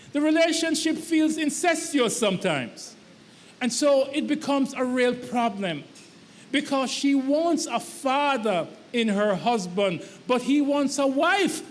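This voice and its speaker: Male pastor with a very high voice, emphatic preaching, long hall reverb. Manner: emphatic, repetitive preaching cadence. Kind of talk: sermon. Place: church sanctuary.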